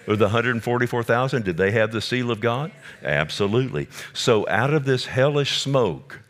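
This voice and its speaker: A man's voice: medium pitch, expressive, moderate pace, a bit bright. A man preaching a Bible-teaching sermon, emphatic and direct with his listeners, repeating words for effect.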